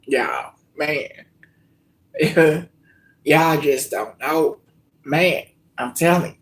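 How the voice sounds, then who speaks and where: A woman chatting live with her viewers before cooking. She talks slowly and openly, stretching out her pauses. Her voice sinks to near-whispers when she gets emotional. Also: low voice. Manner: slow, heartfelt, emotional, addresses viewers as y'all. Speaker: cooking vlog host. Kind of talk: casual live-stream chat.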